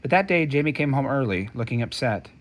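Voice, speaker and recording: Man narrating an audiobook, steady. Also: mid-range voice. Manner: steady, measured first-person storytelling.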